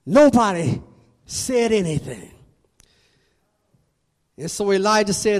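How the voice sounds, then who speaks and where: A man, a church elder, preaching a sermon with fervent, dramatic swings in loudness. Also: high-pitched, very animated, slow, long pauses. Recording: long reverb of a large hall.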